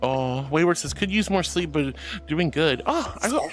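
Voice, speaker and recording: A VTuber streamer chats casually on a livestream from an indoor VR setup, reading chat and gushing thanks to her viewers in cutesy words. Her voice is low-pitched and expressive at a moderate pace, with faint music behind.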